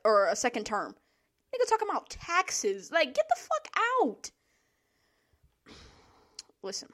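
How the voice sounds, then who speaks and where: A woman's voice: high-pitched, a bit bright. Blunt, profane woman podcaster ranting. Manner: blunt, profane and exasperated, heavy slang. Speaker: podcast host. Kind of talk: casual political rant.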